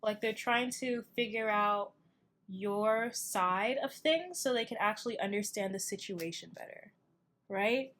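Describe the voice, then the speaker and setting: A woman's voice: medium pitch, a little slow, fairly bright tone. A young woman giving a casual tarot reading, chatty and loose, with many fillers and asides, sounding tired. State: tired, yawning. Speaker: tarot reader.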